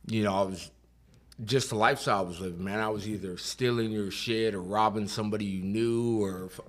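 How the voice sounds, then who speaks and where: A man telling his recovery story as a podcast guest, talking casually in rough street slang with plenty of swearing. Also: lowish voice, fairly even intonation, brisk. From Inland Empire, California. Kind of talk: casual conversation.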